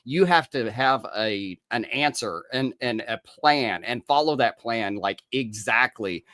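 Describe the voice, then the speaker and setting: A man speaks as a guest on a podcast, an author who coaches people through recovery. He talks in a reflective, easygoing way and chuckles as he recounts his own past. His voice sits at an ordinary pitch, and the sound is dry and close. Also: expressive, unhurried, fairly bright tone, no echo. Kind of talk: casual interview chat.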